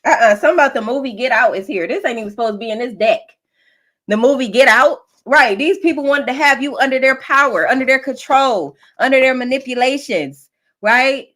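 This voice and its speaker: Woman, high voice, emphatic tarot reader, laughs a lot. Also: fairly quick, fairly bright tone. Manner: emphatic, preachy, laughs often. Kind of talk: collective tarot reading.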